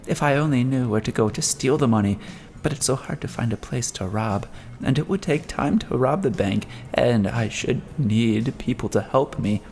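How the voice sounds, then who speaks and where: A man's voice: medium pitch, normal speed, darkish tone, voice pushed up, natural voice. A man reading the part of a desperate, grief-stricken old father who pleads and rails at himself in an audiobook. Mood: despairing. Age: older. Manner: wailing, pleading, self-reproaching.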